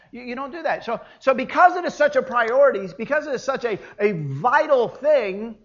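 A man preaching a sermon in a lively, emphatic manner, his pitch swinging widely as he presses his points. His voice sits high for a man. The recording sounds dull and lo-fi. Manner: animated, emphatic, with playful asides. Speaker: pastor.

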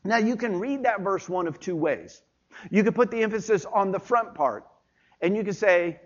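A man's voice: high voice, animated, moderate pace, dull audio. A male pastor preaching a Sunday sermon in a church, conversational and folksy, with homey asides.

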